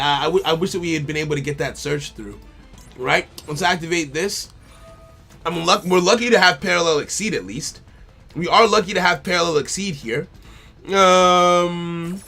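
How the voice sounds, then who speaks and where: A man's voice: fairly high pitch, vocal fry, sharp tone. A man streaming a card game, thinking aloud in casual commentary, repeating phrases to himself and talking to his opponent and chat. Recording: faint music behind the voice.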